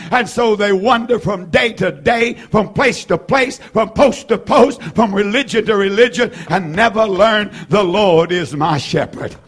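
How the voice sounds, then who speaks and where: A man in his seventies preaching a fervent sermon, repeating phrases, rising to shouts and filling gaps with "uh". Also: sits high. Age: 70s. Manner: fervent, repetitive preaching with frequent "uh" fillers and shouted peaks. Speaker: pastor.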